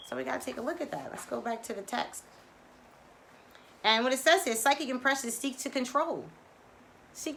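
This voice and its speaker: Her pitch runs on the high side and her tone is fairly bright, with a slight hiss or hum in the recording. She is a woman coaching through a live-streamed spiritual talk, addressing viewers directly and driving her points home emphatically through repetition.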